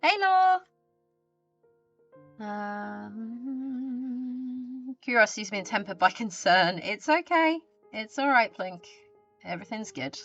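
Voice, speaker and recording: Woman streamer, casual chat with viewers, muffled close mic, soft music behind. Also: on the high side, lively intonation, takes it slowly, pauses often. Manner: chatty, greets viewers and reads their messages aloud. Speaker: live streamer. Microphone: desk mic with pop filter.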